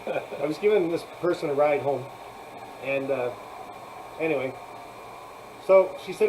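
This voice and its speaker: A man's voice: a little high, moderate pace, long pauses, a little mellow, a little hiss or hum, rough recording. A man hosting a casual live chat, rambling, laughing often and thanking viewers as he talks. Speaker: live stream host.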